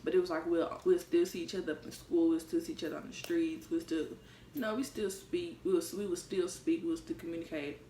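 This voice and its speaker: A woman's voice: fairly low pitch, steady tone, fast, warm tone, slight background noise. A young woman vlogging, telling a personal story in a candid, profane, conversational way. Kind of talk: casual storytime vlog. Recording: roomy, mic set far off.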